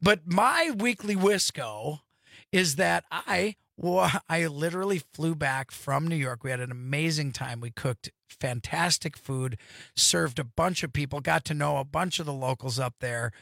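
A man hosting a casual radio show, telling animated, joking stories from a studio. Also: a little high, creaky, no echo. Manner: animated, joking, quick storytelling. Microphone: studio microphone.

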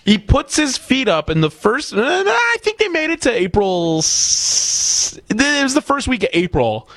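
A man co-hosting a casual political talk show, speaking in a measured way and restarting with repeated words. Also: very high voice, huge pitch swings, a bit bright, no echo.

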